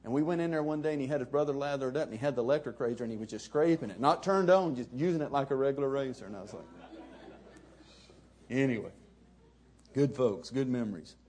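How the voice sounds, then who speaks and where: A man's voice: medium pitch, fast, a little mellow. A middle-aged man, preaching a sermon in a folksy, storytelling way. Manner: folksy, chuckling, conversational. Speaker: pastor.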